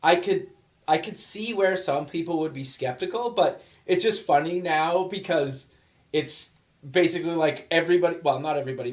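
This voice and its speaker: Easygoing male podcast host. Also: on the high side. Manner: easygoing, affirming, laughs along. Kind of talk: casual interview chat.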